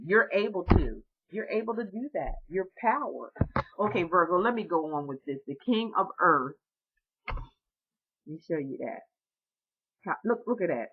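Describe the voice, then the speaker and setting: A woman doing a tarot reading for her viewers, talking in an excited, encouraging way and repeating herself often. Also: lowish voice, slightly rough, muffled recording. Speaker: tarot reader.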